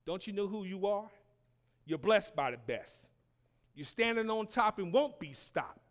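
A male preacher delivering a sermon in slow, emphatic phrases, calling on his congregation to answer him and rising to shouts. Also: sits high, very animated.

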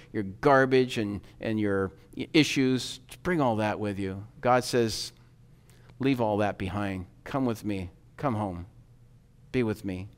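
Earnest man preaching, smooth voice. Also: medium pitch. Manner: earnest, urging, rising and falling emphasis. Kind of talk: sermon.

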